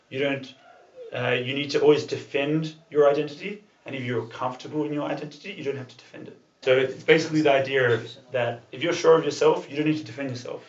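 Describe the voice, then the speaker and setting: Male presenter at a club, mid-pitched and chatty, recorded from a distance with a dull sound. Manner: loose and chatty, with many fillers and the odd swear. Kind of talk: casual talk to a small group. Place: room with a group of listeners. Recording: echoey room, far from the mic, dull sound.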